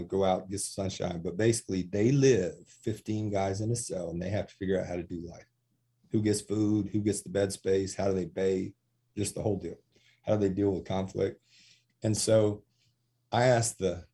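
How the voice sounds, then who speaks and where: A man in ministry telling lively stories in a podcast interview, acting out what people said. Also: low voice, slightly rough. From USA. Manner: animated storyteller, acts out quotes with laughs. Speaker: prison minister.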